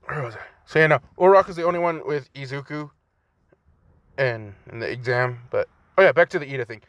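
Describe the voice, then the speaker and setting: A man's voice: medium pitch, quick pace, fairly bright tone, dry recording. A young man in his twenties casually rambling through a fan story retelling, profane and loose, full of fillers, at home by a cracked window.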